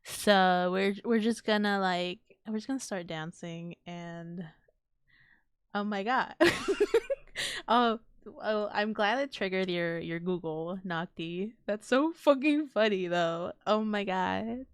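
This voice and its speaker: A woman's voice: mid-range voice, takes it slowly, clear, resonant tone, no room sound, studio quality. A woman streamer chatting casually on a live stream, rambling, giggling often and swearing offhandedly. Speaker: VTuber streamer.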